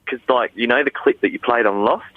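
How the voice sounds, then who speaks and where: A man's voice: mid-range voice, a little fast, dry recording, phone-quality sound. A man guesting as an accent coach on a radio show, chatting casually, laughing often and explaining with hesitant fillers. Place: radio studio.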